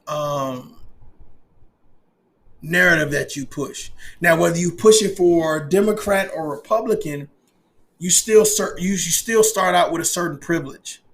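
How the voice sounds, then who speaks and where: A man in his forties hosting a podcast, ranting in an emphatic, profane, animated way. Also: on the high side. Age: 40s. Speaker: podcast host. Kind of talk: casual monologue.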